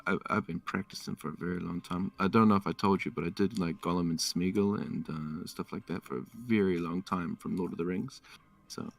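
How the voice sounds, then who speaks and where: Kiwi guest on a stream with a low, gravelly voice, sitting back from the mic. Quick talker reining it in. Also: male voice. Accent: New Zealand. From New Zealand. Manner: fast-talking when relaxed, holds back his pace. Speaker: guest narrator. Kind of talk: casual livestream chat. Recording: distant from the mic.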